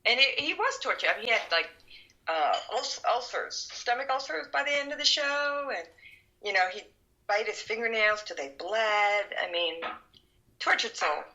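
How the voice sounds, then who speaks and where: A woman's voice: on the high side, moderate pace, dull audio. A middle-aged woman, a film production veteran, telling stories in an interview and acting out what people said. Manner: animated, acts out quotes. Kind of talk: storytelling interview.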